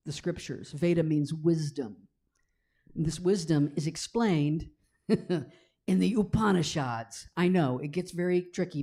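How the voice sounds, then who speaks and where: Mellow-voiced woman preaching a sermon. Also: sits low. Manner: conversational, checks in with "right?"; drops to a slow hushed tone for scripture passages. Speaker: minister. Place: church sanctuary.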